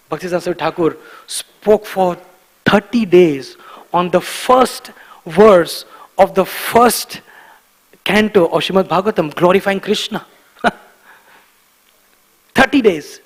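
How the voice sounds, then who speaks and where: A man giving a devotional morning class in a temple, emphatic and animated, repeating key words for stress and often chuckling. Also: sits high, a little slow, pauses often, in a large hall, rough recording. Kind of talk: devotional lecture. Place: temple hall.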